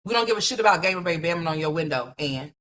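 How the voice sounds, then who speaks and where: A woman's voice: fairly low pitch, animated, quick pace, fairly bright tone. A woman hosting a livestream, ranting in a blunt, mocking, profane gossip commentary full of rhetorical questions.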